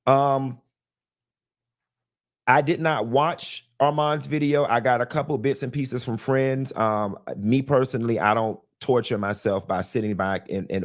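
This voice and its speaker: Slow, deliberate man commenting. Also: fairly low pitch, steady tone. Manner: deliberate, measured, argues point by point. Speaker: show commentator. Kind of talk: casual commentary monologue.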